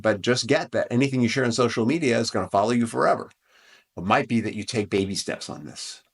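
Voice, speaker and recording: A man hosting a relationship advice podcast, talking in an earnest, conversational way with frequent restarts and asides. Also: mid-range voice. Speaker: podcast host.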